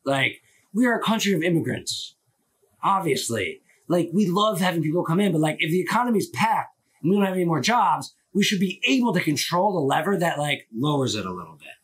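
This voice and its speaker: A man hosts a phone live stream, rambling casually with strong opinions, heavy swearing, and many filler words. His fairly high voice is sing-song and fairly quick, with a breathy edge.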